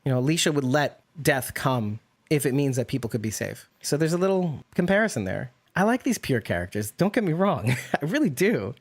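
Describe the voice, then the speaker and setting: A man co-hosting a podcast in casual chat, talking in long, rambling, animated runs, laughing often and swearing now and then. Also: mid-range voice, brisk. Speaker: podcast co-host.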